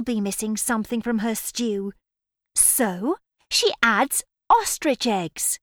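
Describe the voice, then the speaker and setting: A woman narrating a children's story in a slow, expressive, sing-song manner. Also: on the high side, no room sound, studio quality.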